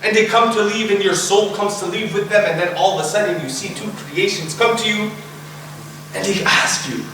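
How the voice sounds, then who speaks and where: A young man giving an emotional sermon to youth, telling a vivid story and acting out voices, sometimes shouting. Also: sits high, normal speed. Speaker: youth speaker. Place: mosque hall. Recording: echoey room, speaker far from mic, faint noise.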